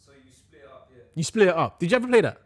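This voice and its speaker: Animated young man telling stories. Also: high-pitched, fast. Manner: animated storytelling with slang, laughs often. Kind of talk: casual chat.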